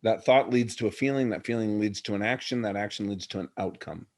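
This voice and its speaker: Middle-aged male podcast guest, low-ish voice, earnest reflective storyteller. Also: a little fast, darkish tone. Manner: earnest, reflective, addresses the host by name. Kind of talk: personal storytelling in a podcast interview.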